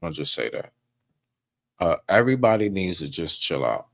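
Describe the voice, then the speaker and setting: A man co-hosting a casual livestream talk, animated, swearing freely and slipping into acted quotes. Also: deep voice, normal speed, gravelly. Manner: swears freely, street slang. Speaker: podcast co-host.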